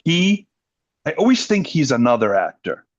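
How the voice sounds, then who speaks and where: A man's voice: on the high side, very animated, normal speed, highs cut off. Rambling, chatty male podcast host. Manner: chatty, rambling with restarts and laughter. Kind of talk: casual chat.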